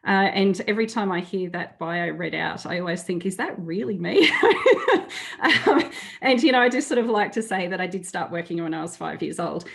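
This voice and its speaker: An Australian woman with a fairly low voice speaks at a webinar. She sounds chatty and friendly over a video call, dropping in plenty of fillers. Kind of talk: conference talk.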